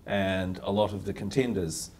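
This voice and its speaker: A man's voice: low voice, fairly even intonation, normal speed, a little mellow, a little hiss or hum. A man interviewing an analyst, asking probing questions in a conversational way.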